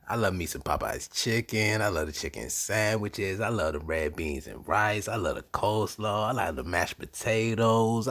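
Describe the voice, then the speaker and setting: A man hosting his own podcast in a casual, profane monologue, swinging between low murmurs and loud animated bursts. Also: no room sound. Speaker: podcast host.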